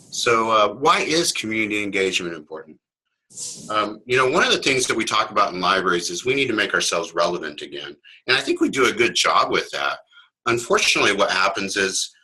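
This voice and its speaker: A man's voice: on the low side, sharp tone, husky, low-quality recording. A middle-aged man from Kansas, a librarian giving a casual webinar talk, rambling and self-deprecating with many fillers.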